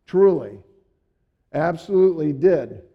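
A man's voice: on the high side, animated, slow pace, highs cut off. An older man preaching through a rambling family story, chuckling often as he goes. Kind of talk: storytelling sermon.

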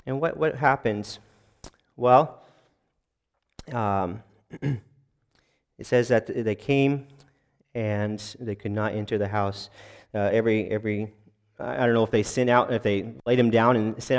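A man preaching a sermon to a congregation in a conversational, halting way, with many restarts, asides and small jokes at his own expense. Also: fairly low pitch, steady tone. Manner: self-deprecating jokes to the congregation. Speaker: pastor.

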